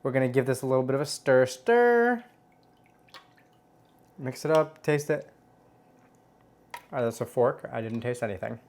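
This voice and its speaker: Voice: mid-range voice, lively intonation, normal speed, long pauses, a little mellow, slight background noise. Playful chatty cocktail tutorial host. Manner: chatty and playful, jokes at own expense; savors tastes aloud with hums. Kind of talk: home cooking tutorial.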